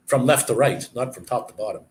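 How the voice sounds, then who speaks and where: A man's voice: medium pitch, a little mellow, a little hiss or hum, poor audio. A man hosting a live stream, chatting casually and rambling from one story to the next with chuckles.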